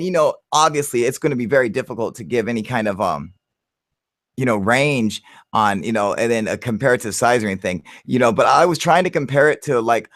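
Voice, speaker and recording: A man hosting a casual live chat, excitable and profane, calling everyone dude as he tells a story. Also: mid-range voice, dry recording, clean studio sound. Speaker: channel host on a livestream.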